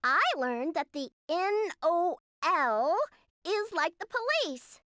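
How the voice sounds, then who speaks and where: A hyper, dim-witted young cat girl meows and chatters in a very high, bright voice. She drags her words out slowly and her pitch bounces wildly. The recording is close and dry. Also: expressive, no room sound, heavily acted. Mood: playful. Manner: childlike, bubbly, meows.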